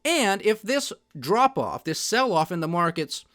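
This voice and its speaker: Sardonic male podcast host, higher voice, emphatic solo rant on markets. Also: very animated, a little slow, a bit bright. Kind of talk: solo political and market commentary.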